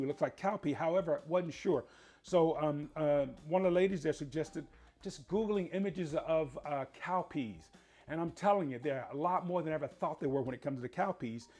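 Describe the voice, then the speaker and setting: A man's voice: on the high side, a little mellow. A man hosting a casual home cooking show, chatting folksily as he explains each step in his kitchen.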